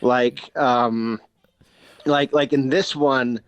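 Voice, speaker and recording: A man's voice: mid-range voice, fairly even intonation, extremely slow, clean tone, no echo, muffled recording. A man co-hosting a podcast in casual chat, rambling with many fillers and searching for words. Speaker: podcast co-host.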